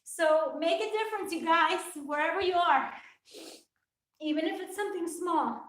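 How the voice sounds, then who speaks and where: High-voiced woman coaching on a live stream. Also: moderate pace, a bit bright. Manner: earnest rambling with fillers like "it's like". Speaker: fitness coach. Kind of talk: casual live-stream talk. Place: home workout space with a yoga mat. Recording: roomy echo from a distant mic.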